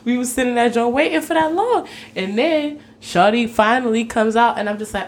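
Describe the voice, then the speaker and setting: A woman co-hosting a casual chat, telling stories in an animated, slangy way and laughing often. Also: a little high, normal speed, few pauses. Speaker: podcast co-host.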